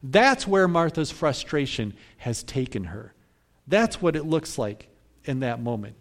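A man's voice: mid-range voice, very animated, unhurried. A man preaching a sermon in a conversational way, often checking in with listeners by asking "right?". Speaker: pastor.

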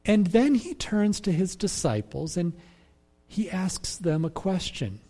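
Slow, mellow-voiced male preacher. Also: sits high, sing-song. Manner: measured, reflective preaching with repeated phrases. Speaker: pastor. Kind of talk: sermon.

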